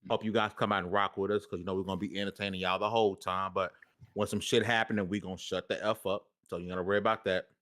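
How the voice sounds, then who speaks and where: Laid-back lower-voiced podcast host. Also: male voice, flat delivery, quick pace, fairly bright tone. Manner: loose slangy banter, hypes the chat. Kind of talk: casual podcast chat.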